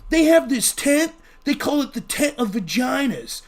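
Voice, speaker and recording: Guy putting on a spacey hippie dude voice, higher than his normal talk, slow drawly rambling about good vibes, chill and preachy. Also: big pitch swings, exaggerated voice. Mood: dreamy, earnest. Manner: drawling, laid-back, rambling. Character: mellow preachy male festival hippie.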